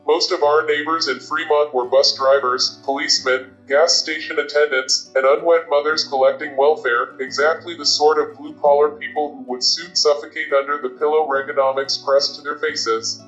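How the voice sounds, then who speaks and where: A man reading a novel aloud as an audiobook narrator, with a steady, even storytelling delivery. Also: fairly high pitch, normal speed, few pauses. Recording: roomy, dull lo-fi sound. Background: faint guitar music.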